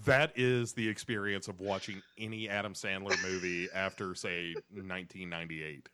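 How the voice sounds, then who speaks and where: A man with a bright, ringing voice trades crude jokes on a podcast. He talks casually, dropping film quotes into his banter. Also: low voice, steady tone, normal speed, hardly any pauses, clear, resonant tone. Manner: joking, quoting films. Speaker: podcast co-host.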